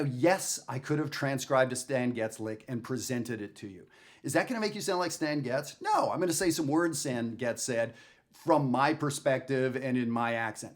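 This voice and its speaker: Guy teaching jazz in a casual video, thinking out loud, lots of rhetorical questions, kinda self-deprecating. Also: medium pitch.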